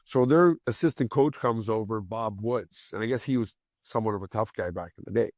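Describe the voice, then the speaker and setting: A man in his forties, a former hockey player guesting on a podcast, telling rowdy stories in a casual, heavily profane way and loudly acting out the lines of other people. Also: lowish voice, a little fast, no room sound, studio quality. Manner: profane, animated, acts out quoted lines loudly.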